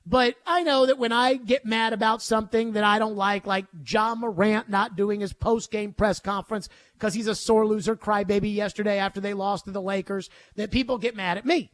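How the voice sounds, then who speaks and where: A man's voice: high voice, fairly even intonation, normal speed, few pauses, a bit bright, no echo, clean studio sound. A man hosting a sports talk radio show, ranting emphatically with jokes.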